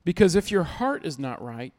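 A man's voice: fairly high pitch, very animated, moderate pace, darkish tone. A man preaching a sermon as pastor, emphatic, repeating key lines and acting out little everyday scenes.

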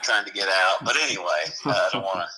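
A man's voice: deep voice, fast, sharp tone, poor audio. A middle-aged man, a former firefighter, telling rambling station anecdotes in casual conversation. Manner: rambling, self-correcting, chuckling anecdotes. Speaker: retired firefighter guest. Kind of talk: casual storytelling interview.

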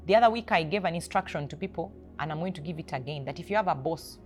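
A woman's voice: low-pitched, fast talker, soft background music. A woman hosting a faith podcast, exhorting listeners with short, emphatic commands about attitude at work. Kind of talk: motivational faith talk.

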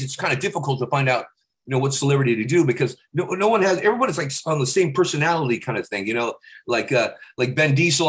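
A male comedian and impressionist in a casual podcast chat, talking animatedly and dropping into celebrity impressions as he goes. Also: mid-range voice. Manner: animated, slips in and out of celebrity voices. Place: podcast studio.

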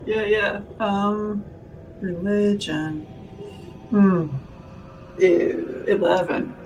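Slow, high-voiced man player. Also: fairly even intonation, darkish tone, soft background music, rough recording. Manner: polite, halting, deliberate. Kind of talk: casual tabletop play.

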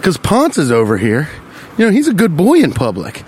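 A man voicing an exasperated, crude-mouthed mother scolding her children in a low, drawling tone. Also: huge pitch swings, fairly quick, darkish tone, a little hiss or hum.

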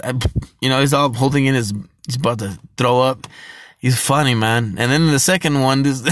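A man's voice: medium pitch, normal speed, a bit bright, a little hiss or hum. A young man in casual talk about movies, rambling, laughing often and swearing loosely as he records on his phone. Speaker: vlogger.

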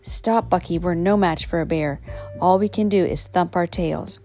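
Storybook father beaver, stern and commanding, read by a woman in her low-ish voice. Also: normal speed, mellow, soft background music, natural voice.

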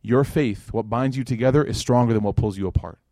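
Animated man giving a lecture. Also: mid-range voice, fairly quick, dry recording, studio quality. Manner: animated storytelling, casual slang and fillers. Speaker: Islamic lecturer. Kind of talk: religious lecture to a live audience.

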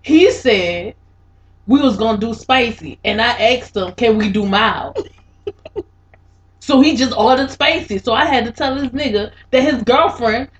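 A woman's voice: a little high, a little slow. A woman co-hosting a casual podcast chat, mocking and laughing as she tells stories. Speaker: podcast co-host. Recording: dull lo-fi sound with faint noise.

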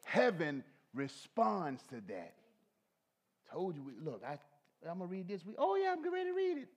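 A middle-aged male pastor preaching a folksy sermon, swinging from low soft asides to shouted peaks. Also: sing-song, normal speed. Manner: folksy, talks to the congregation.

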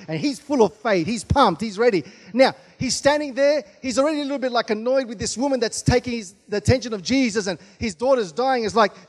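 Fairly quick and animated, this Australian pastor's extremely high voice fills a large church hall with long reverb. He drives his sermon forward with shouts of amen and hallelujah.

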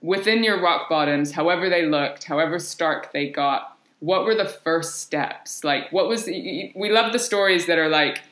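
Host, woman, bright forceful tone, blunt and curious questioner, roomy sound. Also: lowish voice, normal speed, few pauses. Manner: direct, curious, swears casually. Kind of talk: conversational interviewing.

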